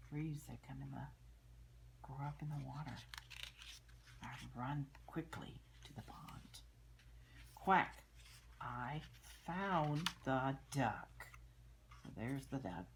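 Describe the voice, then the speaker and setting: Slow low-voiced grandmother reading aloud. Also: background noise. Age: older. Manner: gentle, chatty, pointing out pictures, sometimes whispering. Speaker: children's book reader. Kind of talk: reading a picture book aloud to children.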